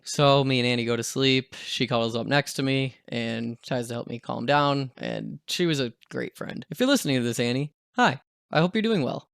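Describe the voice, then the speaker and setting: A man's voice: medium pitch, moderate pace, gravelly, fairly bright tone, clear, resonant tone, dry recording, studio quality. Self-deprecating young man telling a story. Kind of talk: casual storytime.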